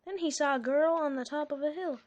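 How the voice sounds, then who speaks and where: A woman's voice: high voice, noisy background. A woman reading a children's storybook aloud, breaking off for casual, amused comments. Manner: slow, chatty, amused asides. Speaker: reader.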